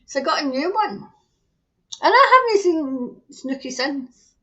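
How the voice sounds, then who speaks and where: A woman's voice: high voice, big pitch swings, unhurried, pushed and bright. A Scottish woman doing a casual live tarot reading, chatty and rambling, often laughing at herself. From Scotland. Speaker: tarot reader. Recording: dull lo-fi audio.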